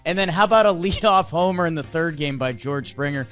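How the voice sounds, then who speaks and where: A man co-hosting a sports podcast, animated and excitable, with lots of fillers, also reading an ad. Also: a little high, fairly quick, hardly any pauses, clear, resonant tone, faint music behind. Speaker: podcast co-host. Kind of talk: energetic sports recap and ad read.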